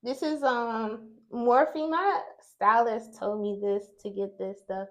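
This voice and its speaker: A young woman vlogger telling an exasperated, animated story to her viewers while doing her makeup. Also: fairly high pitch, slow pace. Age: young adult.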